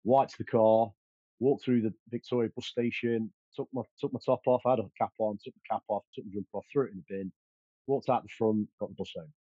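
Low husky man, muffled. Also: steady tone, brisk, mellow, no room sound. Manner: confident, boastful, frequent fillers and restarts. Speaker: interview guest. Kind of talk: casual storytelling.

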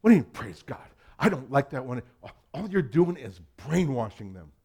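An indignant older woman lays out her accusation loudly and bluntly, as a male preacher quotes her in his own voice. The tone is confrontational, not performed. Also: medium pitch, very animated, moderate pace, slightly rough. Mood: accusing.

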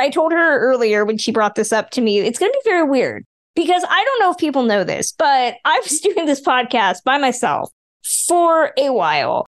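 A woman hosting a podcast, chatting casually and a little emotionally about old films. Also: high voice. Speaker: podcast host.

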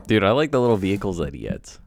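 A man's voice: fairly low pitch, huge pitch swings, fast talker, creaky, a little hiss or hum. A man co-hosting a casual comedy podcast, laid-back, swearing casually and trailing off mid-thought. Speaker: podcast co-host.

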